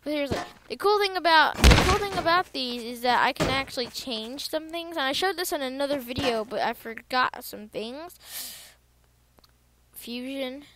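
A woman with a fairly high voice talks through a video game in a loose, excitable ramble, often repeating herself as she works things out. A loud wash of noise sits under her voice throughout the recording. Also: normal speed. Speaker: gaming video creator. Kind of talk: casual gameplay commentary. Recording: loud background noise over voice.

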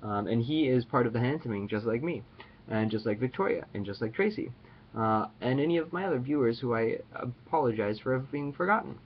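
A man's voice: medium pitch, expressive, a little fast, breathy edge, muffled recording. A man chatting casually to his viewers in a playful, jokey, rambling way. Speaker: vlogger. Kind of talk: casual chat to camera.

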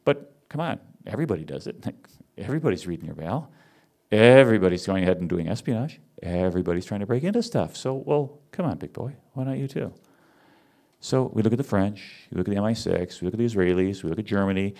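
A man giving a conference talk, wry and animated, teasing his audience as he speaks. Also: fairly low pitch, fast talker. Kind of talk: lively lecture with audience banter.

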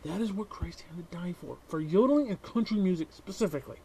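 A man vlogging a profane, sarcastic comedic rant that swings between shouting and hushed whispers. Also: high voice, animated, fast, a little hiss or hum.

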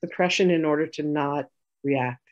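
A woman telling a personal story in a healing session, animated, acting out arguments and laughing. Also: low voice, normal speed, muffled recording.

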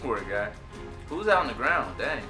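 Excitable man reacting in an echoey room. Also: medium pitch, normal speed, over music. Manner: excited, laughing, talks back to the players on screen. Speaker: sports reaction video host. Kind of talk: casual reaction commentary.

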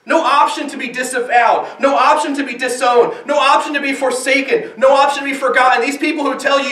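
High-voiced man preaching in an echoey church. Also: steady tone, fairly quick, few pauses, pushed and bright, recorded from a distance, slight background noise. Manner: earnest preaching, rhetorical questions, repetition. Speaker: pastor. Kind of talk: sermon. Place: church sanctuary.

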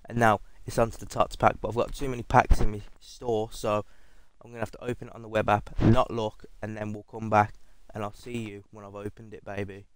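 Excitable British guy, smooth voice. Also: on the low side, a little fast, no room sound. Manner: excitable, swears a lot, repeats himself. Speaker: gaming YouTuber. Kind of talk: excited pack-opening commentary.

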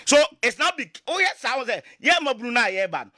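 A man with a Ghanaian accent, speaking as a political commentator in a lively talk show discussion, passionate and full of rhetorical questions. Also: very high voice, fairly quick, no echo, studio quality. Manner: passionate, mixing Twi and English, rhetorical questions.

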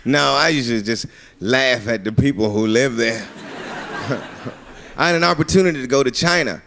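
A man performing a stand-up comedy routine on a club stage, animated and often laughing at his own jokes. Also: medium pitch, normal speed. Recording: live club recording with crowd noise. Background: audience laughter and room noise.

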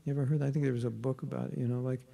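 A man's voice: mid-range voice, flat delivery, racing, vocal fry, dark tone, long reverb tail. A man teaching a spiritual workshop in a conversational way, often checking in with his listeners. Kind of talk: interactive spiritual workshop talk.

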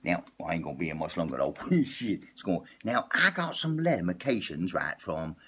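A man's voice: sits low, sing-song, moderate pace, sharp tone, husky. A man doing a rambling, profane comic rant as a vlogger, repeating a drawling catchphrase. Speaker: comedy vlogger. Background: epic background music.

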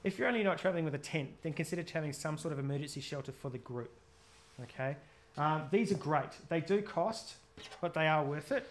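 A man's voice: a little high, expressive, fairly quick, slight background noise. Chatty New man teaching outdoor safety. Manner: chatty, jokey, quizzes the audience. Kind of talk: live gear workshop talk.

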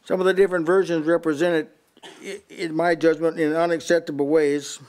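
An older man delivers a Bible-study sermon to a small house-church group. His voice sits a little high, and he stumbles over repeated words as he reads out scripture. He compares one version after another. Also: level tone, brisk, a little mellow. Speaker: preacher.

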